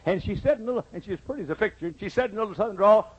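Husky-voiced older preacher, high and fervent. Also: male voice, animated, rapid-fire, lo-fi sound. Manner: impassioned preaching that swings from shouts to hushed storytelling; folksy, joking asides to the congregation. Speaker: pastor. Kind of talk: sermon.

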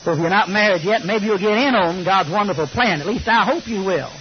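A man's voice: high voice, a little fast. An older man preaching a sermon, telling folksy, joking stories. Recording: slightly muffled recording with faint hiss.

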